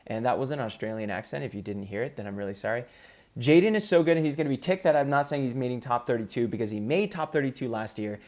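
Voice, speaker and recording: Upbeat chatty man, medium pitch. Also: darkish tone. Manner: chatty, upbeat, frequent ums. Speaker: competitive gamer ranking players. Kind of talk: casual prediction commentary.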